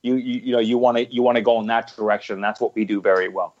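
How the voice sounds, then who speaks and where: Guy pitching his business in an interview, keeps repeating himself, kinda muffled audio. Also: steady tone, fast, darkish tone. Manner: emphatic, repeats phrases and restarts often. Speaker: guest, business owner. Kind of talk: interview answers.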